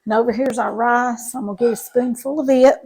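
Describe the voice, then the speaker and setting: Folksy gravelly-voiced woman. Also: fairly high pitch, steady tone, brisk, darkish tone. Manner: chatty, folksy, talks to viewers as y'all. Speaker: home cooking vlogger. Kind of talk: casual cooking chat to camera. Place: home kitchen.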